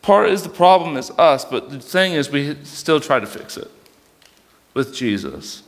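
A man's voice: fairly high pitch, very animated, measured pace, long reverb tail. A young man preaching a sermon as youth pastor, casual and conversational, with fillers and self-corrections. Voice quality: dyslexic, struggles reading aloud.

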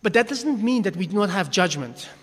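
A man's voice: high voice, animated, brisk, fairly bright tone, slightly rough. A man giving a casual, joking Bible lesson, with frequent restarts as he talks. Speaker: Bible teacher. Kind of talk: casual teaching talk. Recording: long echo of a reverberant hall.

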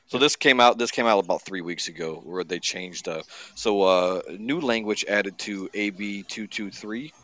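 A man's voice: on the low side, normal speed, hardly any pauses, bright, forceful tone, dry recording. A man co-hosting a casual political talk show, blunt and sarcastic, at times reading aloud from a bill. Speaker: podcast co-host.

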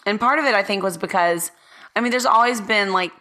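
A woman's voice: mid-range voice, brisk, bright, forceful tone. A woman co-hosting a podcast, talking in a loose, chatty way with laughing asides. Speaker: podcast co-host. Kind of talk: casual chat.

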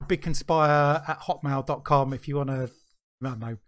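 A man's voice: mid-range voice, normal speed, fairly bright tone. A man co-hosting a podcast, making dry teasing jokes. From United Kingdom. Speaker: podcast co-host. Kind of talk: casual podcast chat.

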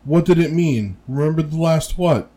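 A man's voice: on the high side, expressive, normal speed, dark tone, pitched above the performer's own voice, natural voice. A man reading aloud the insistent questions of a bewildered teenage boy wizard.

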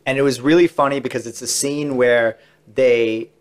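A man chatting on a podcast, telling animated stories from celebrity interviews. He slips into the voices of the people he quotes as he goes. His pitch sits in the middle range for a man. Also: moderate pace, clean tone. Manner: animated anecdotes acting out quotes. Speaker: podcast guest, entertainment interviewer. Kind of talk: casual storytelling chat.

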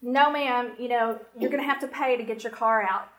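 Southern lady doing a flat no-nonsense towing clerk, high voice, all business. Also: a little fast, a little hiss or hum, lightly acted, low-quality recording. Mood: curt. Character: curt, unbending woman clerk at a towing company.

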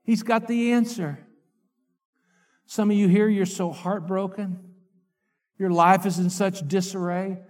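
A middle-aged man, preaching a fiery revival sermon that swings from shouted outbursts to low confiding asides. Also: steady tone, measured pace, pauses often. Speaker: evangelist.

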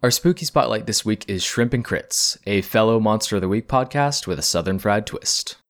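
A man with a fairly low voice runs a tabletop game as its game master. He describes scenes calmly and in detail, like a storyteller setting the stage for his players. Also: normal speed.

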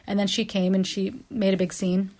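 A woman's voice: mid-range voice, level tone, moderate pace, darkish tone. A woman giving a casual, wry countdown monologue about a TV show she loves. She talks with frequent fillers and self-corrections and briefly acts out the characters she quotes. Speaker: pop culture commentator.

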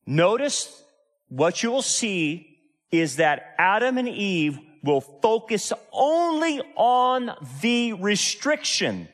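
A male pastor delivers an emphatic sermon, his pitch rising and falling in lively swings. He keeps pressing the listeners with tag questions, and his voice rings with a long reverb from a large hall.

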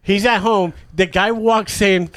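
A man's voice: sits high, fairly even intonation, a little slow, a bit bright, no echo, clean studio sound. A man co-hosting a podcast, cracking crude jokes and riffing on the story. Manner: crude mocking jokes, bits in put-on voices. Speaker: podcast co-host. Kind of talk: casual chat, joking banter.

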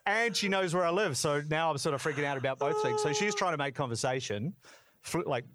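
A man's voice: a little high, lively intonation, fairly quick, very noisy. Young man telling a candid story. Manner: candid, laughs through the story. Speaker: podcast guest. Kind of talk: casual storytelling.

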